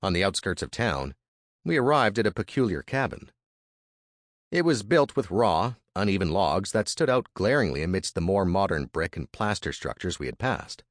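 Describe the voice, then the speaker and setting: Deep, lively male storyteller, dry close recording. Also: no echo. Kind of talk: first-person audiobook narration.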